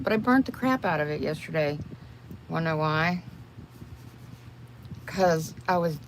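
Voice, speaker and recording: A woman's voice: sits low, expressive, measured pace. An older woman, chatting casually with viewers on a livestream while she does her makeup, rambling and calling them y'all. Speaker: livestream host. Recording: noisy home livestream.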